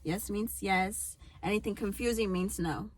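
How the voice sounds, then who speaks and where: A young adult woman hosting a casual chat, telling stories in an animated, profane way. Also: mid-range voice, a little slow, a little hiss or hum. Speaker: host.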